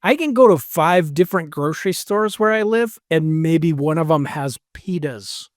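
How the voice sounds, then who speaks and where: A man's voice: on the high side, lively intonation, no room sound, clean studio sound. A man co-hosting a casual podcast, teasing and cracking jokes. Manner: joking, quick to tease and interrupt. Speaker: podcast co-host. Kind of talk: casual chat.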